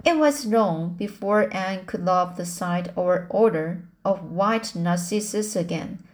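A woman reading a classic novel aloud chapter by chapter, often pausing on fillers and restarting words. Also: mid-range voice. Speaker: audiobook reader.

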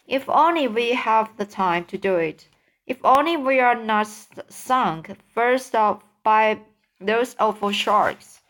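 A woman voicing a young boy who calmly explains his plan in a storybook reading. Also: a little high, takes it slowly. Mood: determined. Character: young boy, calm and determined.

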